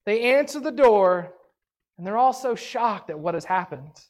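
A woman teaching a Bible story in a casual, animated way, chatty and full of "like", acting out the characters' lines. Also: mid-range voice. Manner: animated, acts out the characters' lines in quick voices; chatty, peppered with "like".

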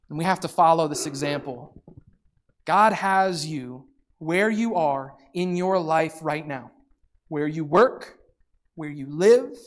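A preacher giving a sermon, retelling a scripture story with lively storytelling and voices for the people in it. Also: mid-range voice. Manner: animated storytelling, acting out voices.

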